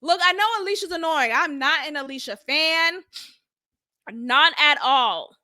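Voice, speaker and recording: A young adult woman hosting a casual, animated recap of a reality show, acting out quotes and laughing often. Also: high-pitched, a little slow.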